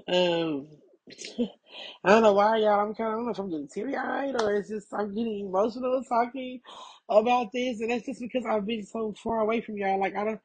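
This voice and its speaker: A woman's voice: on the low side, breathy edge. A woman, recovering from a cold, talking casually and frankly as a podcast host, rambling and repeating herself. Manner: rambling and frank, repeats herself, keeps asking "you know what I'm saying". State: getting over a cold. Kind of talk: casual personal update monologue.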